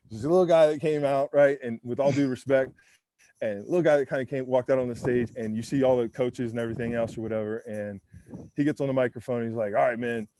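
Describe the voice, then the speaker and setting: A man's voice: mid-range voice, steady tone, fairly quick, dark tone, no room sound. A man in his forties, a former pro football lineman, tells candid stories in a casual interview on a windy rooftop. He talks in a laid-back way with plenty of "man" and "you know", and acts out other people's lines. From United States. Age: 40s.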